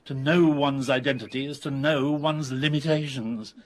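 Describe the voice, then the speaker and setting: A man's voice: medium pitch, fairly even intonation, normal speed, lightly acted. Actor playing a sardonic grumpy old man. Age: older. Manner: dry, world-weary, sardonic. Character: grumpy elderly English expatriate man, sardonic. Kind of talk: radio comedy drama.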